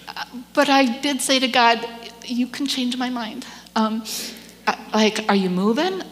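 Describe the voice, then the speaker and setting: A woman giving an earnest, emotional personal testimony at church, now and then dropping to a soft whisper. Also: on the high side, measured pace. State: tearful at times. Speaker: church speaker. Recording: long hall reverb.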